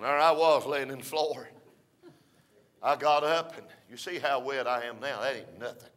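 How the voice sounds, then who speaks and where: An older man preaching a folksy storytelling sermon, rising to shouts between drawn-out "uh" phrases. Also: a little high.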